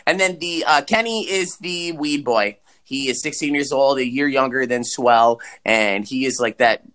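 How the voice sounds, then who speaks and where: A man co-hosting a podcast, chatting casually and swearing as he recaps a movie with big pitch swings for emphasis. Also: normal speed, fairly bright tone. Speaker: podcast co-host.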